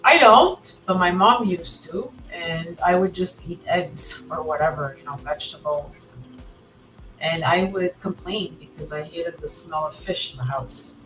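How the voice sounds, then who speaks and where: A woman from Canada hosts a livestream and chats easily with her guest, her voice sitting a little low. She stops now and then to read out what viewers write. Faint music plays underneath. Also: unhurried, poor audio. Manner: chatty, warm laughs, reads viewer comments aloud. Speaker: livestream host. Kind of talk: casual chat.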